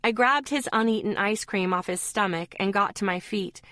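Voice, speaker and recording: A woman reading a fantasy audiobook as a first-person narrator in an even, storytelling manner. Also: medium pitch, moderate pace, dry recording, studio quality.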